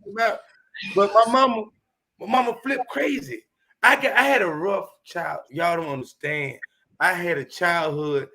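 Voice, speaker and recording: A man in his fifties from Chicago, telling his life story on a podcast in an animated, profane, emphatic way. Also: sits high, measured pace. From Chicago, United States. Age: 50s. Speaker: comedian guest. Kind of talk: candid storytelling.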